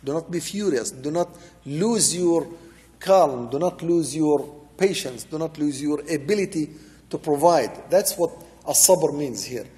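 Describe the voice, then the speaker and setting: A man's voice: a little high, a little slow, warm tone. A man teaching Quran commentary as a sheikh, reciting short Arabic verses and then explaining them in English, repeating key points for emphasis. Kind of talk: religious lecture explaining verses. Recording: long hall reverb.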